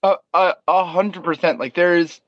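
A man's voice: high-pitched, unhurried, dry recording, lo-fi sound. A man who works in bars, talking casually and reflectively, often repeating words while he gathers his thoughts. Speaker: bar worker, co-host. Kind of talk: casual podcast chat.

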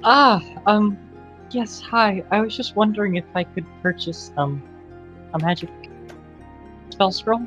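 A woman's voice: medium pitch, measured pace, pauses often, fairly bright tone, faint music behind, natural voice. A woman playing a polite, hesitant adventurer who stumbles over her words. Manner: hesitant, polite, full of ums. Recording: dull lo-fi sound.

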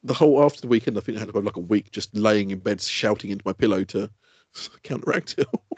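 A man, co-hosting a podcast in casual chat, animated and laughing, swearing freely. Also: fairly low pitch, brisk, breathy edge, dry recording. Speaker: podcast co-host. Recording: dull lo-fi sound.

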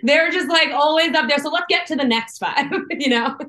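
A young woman from Boston, a guest musician chatting casually on a podcast, animated and quick to laugh. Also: high-pitched. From Boston, USA. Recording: roomy echo.

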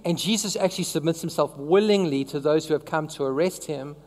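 A woman's voice: deep voice, fairly quick, a little mellow, big-room sound. A woman preaching a sermon in a conversational way, often asking the congregation questions.

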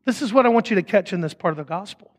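A man preaching a sermon as pastor, casual and conversational with quick asides. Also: high voice, expressive, in a large hall.

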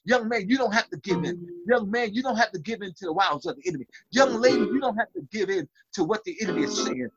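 Fervent preacher man, high lively voice. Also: fast talker, vocal fry, hardly any pauses, highs cut off, background noise. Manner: fervent, builds to loud call-and-response. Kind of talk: sermon over video call. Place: small room. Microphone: video call.

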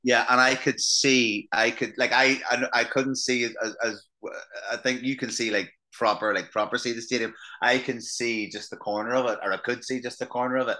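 Bright-voiced Irishman telling stories. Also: medium pitch, steady tone, normal speed. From Ireland. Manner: chatty anecdotal storyteller, swears freely. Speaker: actor guest. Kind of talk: casual podcast chat.

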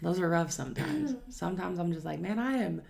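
A woman's voice: on the low side, very animated, brisk, gravelly, darkish tone. A young woman, a podcast co-host telling stories in casual chat, loose and profane, often laughing.

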